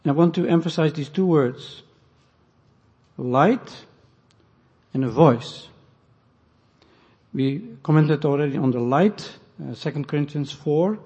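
Guy preaching, slow careful explaining, kinda muffled echoey hall sound. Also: on the high side, a little mellow, husky. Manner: deliberate, explaining scripture and Greek and Hebrew words. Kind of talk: expository sermon.

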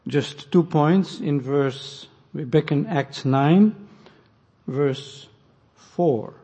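A man preaching an expository sermon, deliberately explaining scripture and the Greek and Hebrew words. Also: fairly high pitch, mellow, slightly rough. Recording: muffled, echoey hall recording.

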